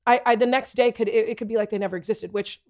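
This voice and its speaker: A woman talking candidly in a casual conversation, animated and given to playful put-on voices. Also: on the high side, fast talker.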